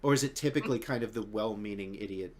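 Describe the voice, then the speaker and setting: A man's voice: lowish voice, quick pace, slight background noise. A man hosting a podcast in casual chat, rambling and swearing, full of restarts. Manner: rambling, profane, many restarts. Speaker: podcast host.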